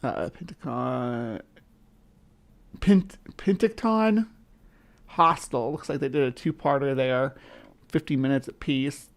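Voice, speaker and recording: A rambling livestream host from the central United States, between the South and the upper Midwest, speaks in a rumbling low voice at a slow pace with long pauses. She keeps interrupting herself and chatting with viewers in a casual way.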